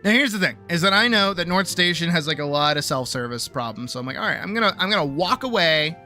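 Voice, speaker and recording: A woman streamer casually telling a story, animated and exasperated, swearing freely and acting out the people she talks about. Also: on the low side, quick pace. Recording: faint music behind.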